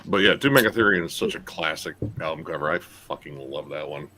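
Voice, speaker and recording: Deep-voiced man chatting casually. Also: fairly quick, slight background noise. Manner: relaxed, rambling with many fillers. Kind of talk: casual chat.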